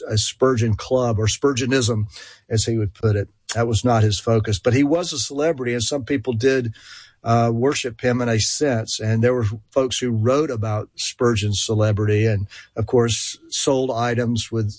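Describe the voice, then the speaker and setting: A man's voice: medium pitch, steady tone, normal speed, no room sound. A man with a country Georgia accent, speaking as a guest expert on a call-in radio talk show, with many fillers and restarts. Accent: rural Georgia. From Georgia, USA.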